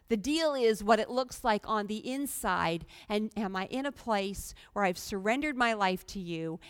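Earnest woman preaching a sermon, smooth voice. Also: medium pitch, lively intonation, measured pace, hardly any pauses, dry recording. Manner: earnest, pleading, conversational with sudden emphatic rises. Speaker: guest preacher.

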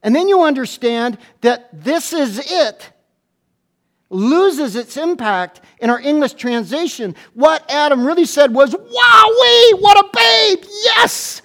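A pastor with a very high voice preaches a sermon to his church congregation. He's animated and playful, frequently stumbling into quick restarts.

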